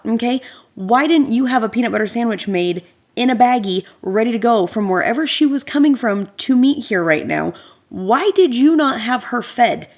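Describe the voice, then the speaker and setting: A woman hosting a podcast, telling a story as a casual rant in an animated, sarcastic way with lots of fillers. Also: fairly high pitch. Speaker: podcast host.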